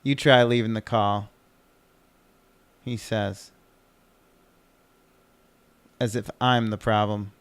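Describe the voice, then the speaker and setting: In a fairly low, rather flat voice, a man in his thirties speaks unhurriedly, his tone clean and without echo. As co-host of a casual home podcast, he rambles, interrupts himself and turns to swearing when flustered.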